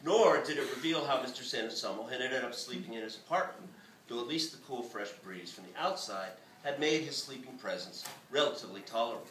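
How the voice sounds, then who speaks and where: A man, the author, reading his novel aloud in a bookstore with a lively, expressive delivery. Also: medium pitch, brisk, slight background noise. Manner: lively, expressive reading with shouted character lines. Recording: echoey bookstore from far off.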